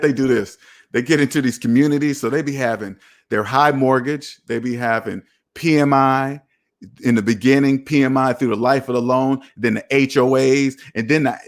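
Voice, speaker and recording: A man hosting a personal finance show, reading viewer comments and reacting in an emphatic, preachy way, with sudden excited whoops. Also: medium pitch.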